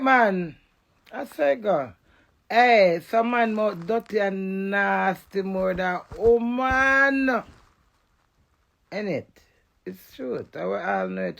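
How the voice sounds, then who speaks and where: A woman's voice: on the low side, creaky, slightly rough. A Jamaican woman in a defiant, emotional live rant, cursing and repeating phrases in a chant.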